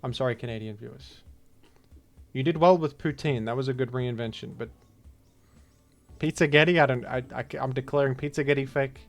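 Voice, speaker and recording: A man talks through a guessing game in loose, rambling commentary. He jokes and breaks into mock-outraged asides, at an everyday middle pitch. Faint music plays behind him. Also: brisk, long pauses. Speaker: gaming video host. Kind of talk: casual gameplay commentary.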